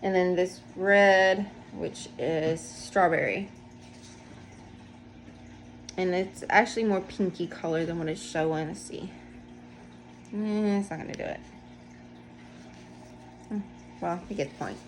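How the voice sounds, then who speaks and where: A woman's voice: fairly low pitch, takes it slowly, pauses often, slight background noise. A woman hosting a casual knitting video podcast from home, chatting in a rambling, self-deprecating way as she shows her projects. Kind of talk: casual show-and-tell chat. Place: home, indoors.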